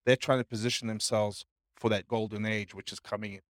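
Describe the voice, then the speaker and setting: Halting man asking from the class. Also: on the low side, flat delivery, dry recording, studio quality. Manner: halting, restarts while explaining. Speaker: class participant. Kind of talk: question from the audience.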